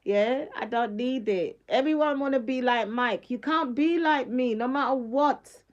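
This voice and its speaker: A woman's voice: a little high, a little slow, lo-fi sound. A middle-aged woman, talking on a casual live stream in an emphatic, slangy way and laughing often.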